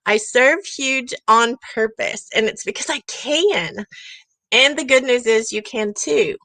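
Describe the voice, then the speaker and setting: Bright-voiced, emphatic middle-aged woman. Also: on the high side, takes it slowly, no room sound, poor audio. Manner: emphatic, earnest, repeats for emphasis. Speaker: summit speaker. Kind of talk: passionate personal storytelling talk. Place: outdoor porch at a campground.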